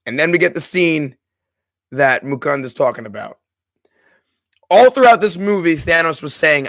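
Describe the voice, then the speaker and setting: Animated and a little fast, this man's voice sits a little high and sounds fairly bright, with no room sound. As host of a live stream, he discusses a film with his chat, gushing with emotion and restarting a lot.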